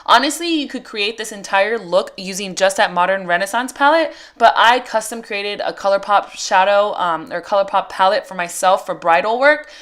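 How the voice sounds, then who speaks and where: A woman's voice: medium pitch, fairly bright tone. A woman makeup artist giving a casual, chatty voice-over for a tutorial, explaining each step as she works.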